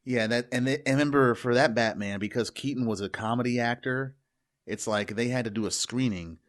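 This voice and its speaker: A man co-hosting a podcast, talking about movies in a casual, opinionated and animated way. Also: medium pitch, brisk. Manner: animated, opinionated, mock impressions. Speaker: podcast co-host.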